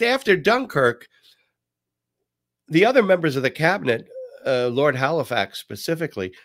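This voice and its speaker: A man hosting a talk show, giving casual political commentary with a swooping, animated delivery and frequent restarts. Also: fairly high pitch, dry recording, studio quality.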